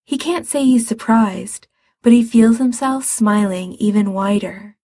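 A woman narrates a story in a soft, breathy voice, taking her time with each line. Her pitch sits in an ordinary middle range. The recording is close and dry. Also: unhurried, no room sound. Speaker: audiobook reader. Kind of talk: storybook narration of fan fiction.

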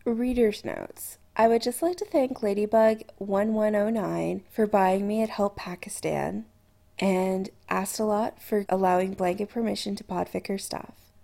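A woman narrating a fan audiobook at a very slow, unhurried pace. Her voice is mellow and dark-toned, and she reads softly and evenly. She sits at a mid pitch for a woman. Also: steady tone, creaky. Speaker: podfic reader.

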